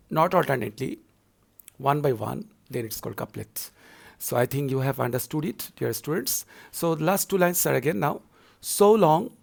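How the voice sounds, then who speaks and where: A man's voice: mid-range voice, vocal fry. A male university lecturer explaining poetry scansion to students in a repetitive, explanatory way, with frequent filler words.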